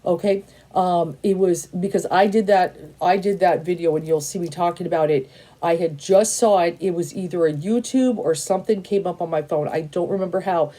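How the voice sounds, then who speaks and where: A woman's voice: fairly low pitch, normal speed, mellow. A woman in her fifties, a tarot reader, talking in a blunt, casual monologue that keeps repeating itself and is full of "you know" and "and stuff". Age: 50s. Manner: emphatic, repetitive, peppered with "you know" and "and stuff".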